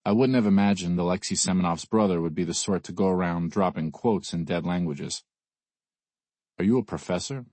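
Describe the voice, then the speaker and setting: A man narrating an audiobook in the first person, in a weary, brooding, even manner. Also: low voice, a little fast, hardly any pauses, no room sound.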